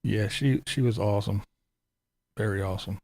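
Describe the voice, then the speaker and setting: A man's voice: fairly low pitch, normal speed, gravelly, a little mellow, dry recording. A man hosting a casual livestream, greeting viewers by name and chatting loosely. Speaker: livestream host.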